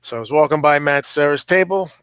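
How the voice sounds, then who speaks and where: A man's voice: on the high side, fairly quick, fairly bright tone, smooth, dry recording. A man on a podcast panel telling a rambling story, full of fillers. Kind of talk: casual storytelling.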